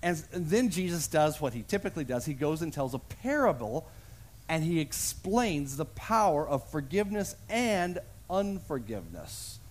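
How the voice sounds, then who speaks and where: A man's voice: on the high side, moderate pace. A male pastor preaching a sermon and acting out the voices of a parable as he tells it. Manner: animated storyteller, acts out voices in the parable. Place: church sanctuary.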